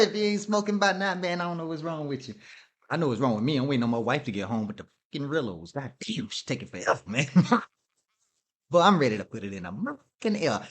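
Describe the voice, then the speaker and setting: Male podcast host, loose profane rant, fairly high voice that swings a lot, chuckles between points. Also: fast talker. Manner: animated, laughs often, swears freely.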